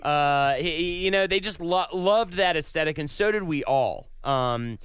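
A man's voice: on the high side, animated, measured pace, a bit bright, smooth, dry recording. A man co-hosting a casual podcast chat, telling stories and reading facts aloud, swearing freely. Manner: profane, storytelling, reads facts aloud. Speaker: podcast co-host.

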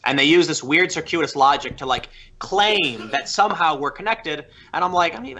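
Podcast guest guy, kinda high voice, fast animated storytelling with tons of "like". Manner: animated storytelling, lots of "like" and restarts. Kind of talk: casual podcast chat.

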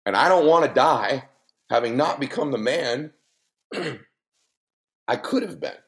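A middle-aged man speaking as a guest on a podcast, telling a personal story in an earnest, emphatic way with big swings in pitch. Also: animated, measured pace, a bit bright. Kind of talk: heartfelt podcast conversation.

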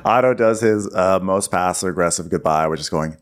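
A man's voice: deep voice, fairly quick, faint music behind. A man co-hosting a comedy podcast, recapping a TV episode with sarcastic, exasperated asides. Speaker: podcast co-host.

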